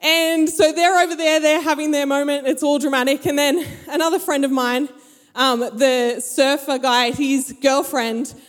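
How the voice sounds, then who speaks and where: This is a young woman, speaking high in her range. She tells a story to an audience in a large hall and acts out the people in it. Her voice carries a long reverb from the room. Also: fairly even intonation, moderate pace. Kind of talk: storytelling talk to a live audience.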